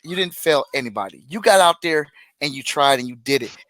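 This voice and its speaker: A man co-hosting a casual podcast chat, blunt and jokey, with sudden bursts of excitement. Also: fairly high pitch, fairly quick, no room sound, low-quality recording. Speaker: podcast co-host.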